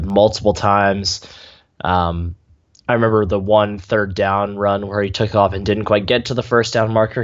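Deadpan male co-host on a dull line. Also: fairly low pitch. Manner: dry, deadpan humor. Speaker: podcast co-host. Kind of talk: casual sports podcast chat. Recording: slightly dull lo-fi sound.

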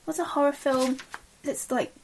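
Chatty woman, slightly high voice. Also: steady tone, moderate pace, slight background noise, poor audio. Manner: chatty, drops to whispers for asides. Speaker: podcast co-host. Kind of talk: casual chat.

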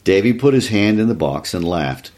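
A man reading a short story aloud in a calm, even storytelling manner, shifting his voice for each character. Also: lowish voice, normal speed. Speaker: reader.

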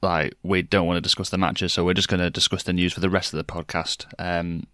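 A man's voice: deep voice, little pitch movement, a little fast, pushed and bright, dry recording. A man hosting a casual football podcast, talking in a dry, sardonic way. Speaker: podcast host.

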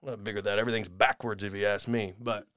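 A man hosting a podcast in a rambling, sarcastic comedic rant, dropping to mutters and rising to shouts. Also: lowish voice, steady tone, quick pace, no echo, studio quality. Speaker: podcast host.

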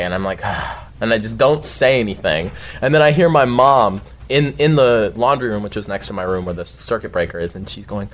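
A young man telling a story in casual talk, animated, swearing often and shouting his own outbursts. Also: mid-range voice, a little hiss or hum. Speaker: guest storyteller.

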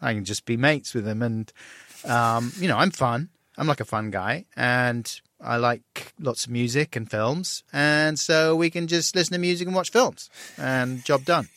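A man's voice: medium pitch, a little slow, dry recording, clean studio sound. Self-deprecating middle-aged man. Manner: self-deprecating, animated when acting out dialogue. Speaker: guest. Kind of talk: candid conversational storytelling.

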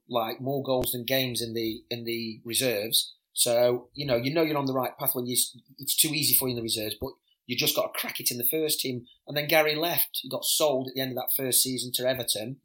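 A middle-aged former footballer, a man, telling animated anecdotes in a casual podcast interview, often stammering and repeating words. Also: medium pitch, poor audio.

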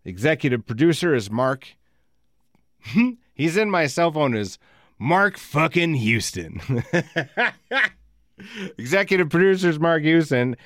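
A man's voice: a little high, big pitch swings, unhurried, long pauses, no room sound. A middle-aged man hosting a podcast, telling rambling stories with plenty of swearing and laughter, recorded on a studio microphone. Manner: profane, rambling, laughing often. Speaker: podcast host. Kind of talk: casual storytelling chat.

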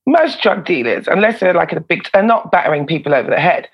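Woman, gravelly, husky, animated storyteller, swears a lot, slightly dull lo-fi recording. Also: lowish voice, fast. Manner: animated, swears freely, laughs between lines. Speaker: former prison officer and comedian. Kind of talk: casual storytelling in a podcast interview.

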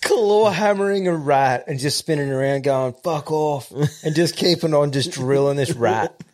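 A man's voice: a little high, moderate pace, darkish tone. An Australian man co-hosting a podcast in casual chat. He laughs often and swears freely. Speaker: podcast co-host.

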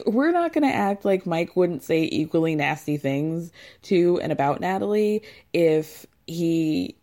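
With a mellow, fairly low voice, a woman in her thirties recaps a reality show in casual chat. She's sarcastic and talkative, acts out what people said, and laughs a lot.

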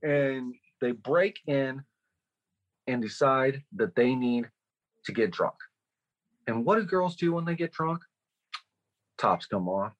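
A man's voice: medium pitch, takes it slowly, pauses often, low-quality recording. Man recapping a film on a podcast. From California. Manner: animated storytelling, swears often. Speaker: podcast co-host. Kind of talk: casual chat recapping a film.

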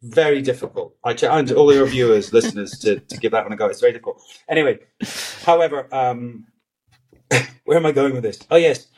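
A man's voice: medium pitch, fairly quick, darkish tone. Rambling, hesitant man chatting casually. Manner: rambling, hesitant, with many restarts and fillers. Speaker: guest actor. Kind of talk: casual podcast chat.

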